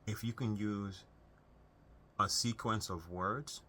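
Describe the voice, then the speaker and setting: A man's voice: fairly low pitch, fairly even intonation, slow, bright, forceful tone, slight background noise. A young man talking earnestly to camera, giving unscripted advice on family relationships in a conversational way with frequent restarts. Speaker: self-help video host.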